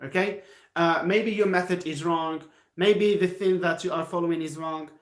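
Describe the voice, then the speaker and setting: A man with an Algerian accent teaches English on a live stream from home, encouraging his viewers and circling back over the same points. His voice sits a little high for a man. The room around him is echoey. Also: steady tone, moderate pace. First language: Algerian Arabic. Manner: encouraging, repeats himself, answers chat.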